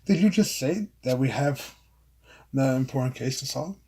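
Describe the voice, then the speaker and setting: A man reading the lines of an irritated, skeptical male detective partner in his own husky voice, sounding exasperated. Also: mid-range voice, expressive, moderate pace, a little mellow. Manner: exasperated, grumbling.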